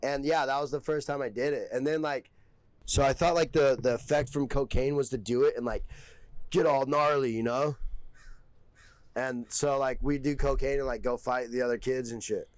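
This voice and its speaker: A man's voice: medium pitch, steady tone, normal speed, no room sound, low-quality recording. A young man, a podcast guest, telling stories in a casual, rambling way, full of swearing and filler words. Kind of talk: casual storytelling.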